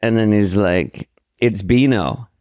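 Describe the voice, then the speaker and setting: A man's voice: on the low side, takes it slowly, a little mellow, dry recording, clean studio sound. A man telling a long story as a podcast guest in casual chat, rambling and profane, acting out other people's lines. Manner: rambling, profane, acts out dialogue.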